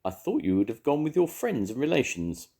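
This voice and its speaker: A man's voice: mid-range voice, very animated, fairly quick, dark tone, voice pushed up. An older man voicing a kindly male park keeper who fusses over the animals.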